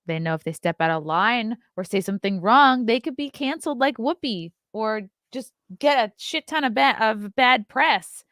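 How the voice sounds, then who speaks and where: A woman's voice: on the high side, animated, normal speed, hardly any pauses, fairly bright tone, no room sound, clean studio sound. A woman, hosting a casual live stream, chatty and profane as she reads out the chat. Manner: blunt, profane, chatty, laughs often. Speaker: podcast host reading live chat.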